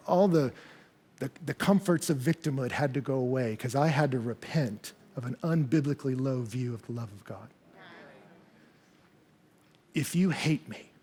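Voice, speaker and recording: Male pastor preaching, high husky voice, candid and lively storytelling. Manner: animated, candid storytelling with self-deprecating humor. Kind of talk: sermon. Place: church service.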